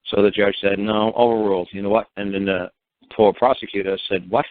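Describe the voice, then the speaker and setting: A man's voice: lowish voice, level tone, brisk, no echo. Man on a tinny phone line. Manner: rambling, mimics others' voices, emphatic. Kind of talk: animated storytelling.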